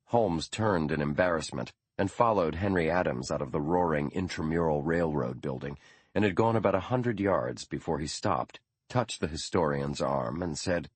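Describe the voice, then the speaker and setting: Very deep, husky male narrator. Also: dry recording. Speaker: audiobook narrator. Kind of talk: scripted narration.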